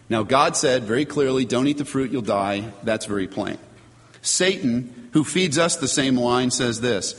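A man delivers a sermon in an earnest, emphatic way, pausing to let each point land. His voice sits at an ordinary middle pitch. The sound carries the long reverb of a large hall. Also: animated. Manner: earnest, emphatic preaching with measured pauses. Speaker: pastor.

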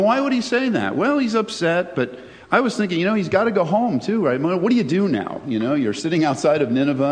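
A man preaches with a fairly high voice, chatting with his listeners and asking them questions as he goes. His words ring out with a long hall reverb. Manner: conversational, asks the listeners questions. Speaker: pastor. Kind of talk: sermon.

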